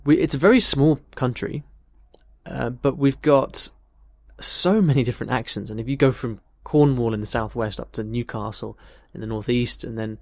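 A man's voice: mid-range voice, moderate pace, vocal fry, no room sound. A man from the United Kingdom, an English teacher casually explaining and answering a listener's question in a thoughtful, conversational way. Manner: thoughtful, conversational, tells personal stories.

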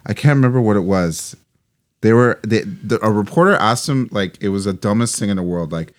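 A man co-hosting a casual sports chat, animated and quick to laugh. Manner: animated, mimics coaches in a high voice, laughs often. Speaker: podcast co-host.

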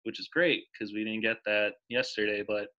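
A man's voice: fairly low pitch, flat delivery, moderate pace, lo-fi sound. A man in his twenties co-hosting a casual podcast chat, enthusiastic and emotional, rambling with restarts. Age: 20s. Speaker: podcast co-host.

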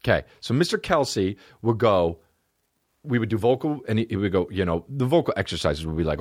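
A man in his thirties hosts a podcast alone, rambling through stories with lots of swearing. His pitch swings all over the place, and he often jumps into squeaky put-on voices. The sound is close and dry, with no room echo. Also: animated, a little fast. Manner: profane, rambling, jumps into high silly voices and laughs. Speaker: podcast host. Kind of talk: casual solo podcast chat.

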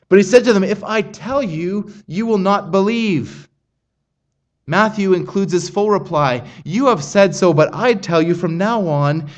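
A middle-aged man delivers an earnest sermon in a high voice. He reads scripture aloud and slows down to press on key phrases, emphatic throughout. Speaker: preacher.

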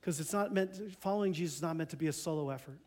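High-voiced earnest male pastor preaching. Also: fast, darkish tone. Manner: earnest, conversational preaching with frequent restarts. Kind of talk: Christmas Eve sermon. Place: church.

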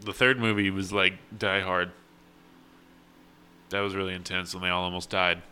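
A young man with a very low voice that is still bright and crisp in tone. He talks casually, throwing in blunt, dry jokes. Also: little pitch movement, moderate pace. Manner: dry, blunt one-liners. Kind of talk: casual chat.

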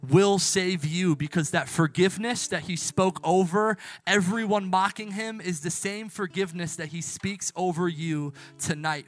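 A man preaching a sermon as a youth pastor and closing in prayer. His delivery is impassioned, swinging from soft hushed lines to loud emphatic ones, with casual self-correcting asides. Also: sits high, moderate pace, few pauses, soft background music.

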